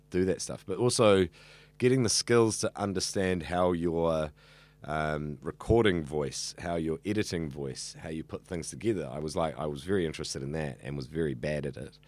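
Extremely low-pitched and a little mellow, this young radio student and evening-show host talks at a moderate pace. In a casual interview, he speaks earnestly, often restarting and using fillers.

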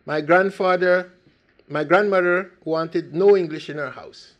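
An older man from Costa Rica telling his life story in an animated, emphatic way with frequent restarts. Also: high-pitched, measured pace, muffled recording. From Limón province, Costa Rica. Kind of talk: personal storytelling talk.

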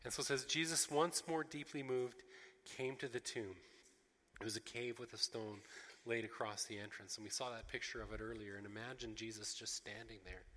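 A man preaching a sermon as pastor, expressive, acting out the voices of the people in the story, with frequent restarts. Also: medium pitch, normal speed. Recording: long reverb of a large hall.

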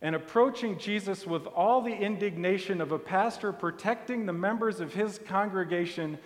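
A man preaching a sermon in a church, telling the story softly and deliberately. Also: high-pitched. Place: church sanctuary. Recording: long hall reverb.

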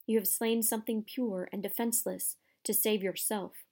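A woman voicing a young, wise male centaur who speaks in a grave, measured way. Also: mid-range voice, steady tone, mellow, slightly rough. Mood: solemn. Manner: solemn, measured.

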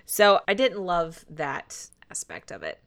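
A woman co-hosting a podcast, briskly recapping a TV episode and laughing easily. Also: on the low side, very animated, fairly bright tone. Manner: brisk summarizing, quick to laugh. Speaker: podcast co-host.

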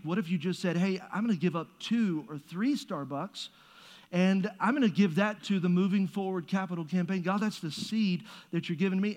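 A man's voice: high-pitched, a little mellow. A man preaching a sermon as pastor, conversational and joking, with playful asides to the congregation. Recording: long reverb of a large hall.

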